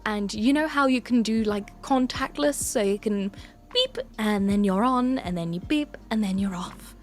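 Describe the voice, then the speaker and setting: A woman's voice: mid-range voice, moderate pace, faint music behind, lightly acted. A young woman streaming live as a prim, self-important evil alter ego, with theatrical, old-fashioned phrasing. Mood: prim, chatty. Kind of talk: live stream character chat.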